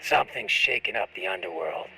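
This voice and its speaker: A man's voice: sits low, expressive, brisk, sharp tone, a little hiss or hum, voice pushed down, exaggerated voice, poor audio. A man voicing a grizzled male huntsman who gives a wry, drawling mission briefing heard through a ship's speakers. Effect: played through ship speakers.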